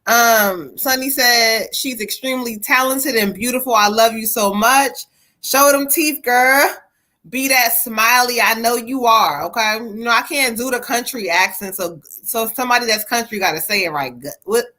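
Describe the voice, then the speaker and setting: A woman hosts a live reading stream, talking casually to her viewers and laughing easily. Her voice is bright and sits a little high. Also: normal speed, hardly any pauses. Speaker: host and psychic medium.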